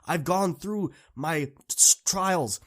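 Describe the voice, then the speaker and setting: An earnest young man speaks straight to students in a motivational pep talk. His voice sits a touch higher than most men's, and it moves between quiet, confiding stretches and fired-up appeals. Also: slow pace. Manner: earnest, encouraging, swings from soft to impassioned. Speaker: podcast host.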